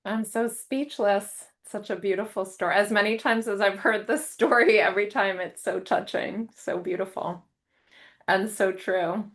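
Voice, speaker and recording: A woman's voice: medium pitch, fairly even intonation, normal speed. A woman co-presenting a webinar, speaking appreciatively. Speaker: co-presenter therapist. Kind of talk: webinar discussion.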